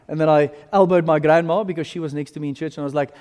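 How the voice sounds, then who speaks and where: High-voiced South African pastor preaching. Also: male voice, racing, hardly any pauses. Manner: animated storytelling, swinging from loud to hushed. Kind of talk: sermon. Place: large church hall. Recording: long reverb in a church hall.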